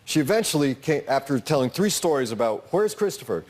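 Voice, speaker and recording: A man's voice: mid-range voice, animated, fairly quick, a little mellow. A middle-aged man, a guest on a talk show, speaking in an agitated, stammering way as he recounts his son's death. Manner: agitated, stammering, acts out others' words. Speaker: grieving father, guest.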